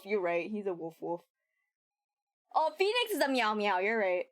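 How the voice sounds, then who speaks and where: A young adult woman streaming a game in casual chat, animated and giggly, swearing freely into a desk microphone. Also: medium pitch, normal speed, a little hiss or hum.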